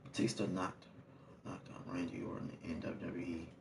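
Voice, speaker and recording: A man's voice: low voice, level tone, moderate pace, vocal fry, background noise. A man reacting to a clip during gameplay in casual chat.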